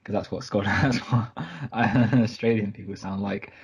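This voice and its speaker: A man's voice: lowish voice, fairly even intonation, moderate pace, slightly rough. A man co-hosting a film podcast, chatting casually and correcting himself as he rambles through stories. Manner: rambling, self-correcting storyteller. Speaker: podcast co-host.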